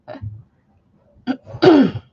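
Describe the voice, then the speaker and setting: A woman in her thirties hosts a casual crochet livestream from home, rambling and laughing often as she works. Her voice is mellow and very slow, and the recording sounds muffled.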